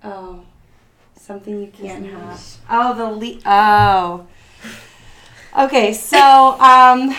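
A woman's voice: fairly high pitch, slow, long pauses, fairly bright tone. A woman hosting a podcast, asking encouraging, conversational questions of her guest. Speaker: podcast host. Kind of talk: interviewing a guest. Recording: echoey room.

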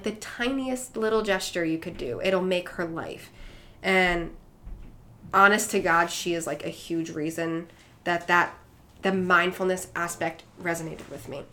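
A woman's voice: fairly low pitch, unhurried, pushed and bright, slight background noise. A young woman talking candidly as a podcast guest, rambling with many "like" and "um" fillers. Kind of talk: candid personal conversation.

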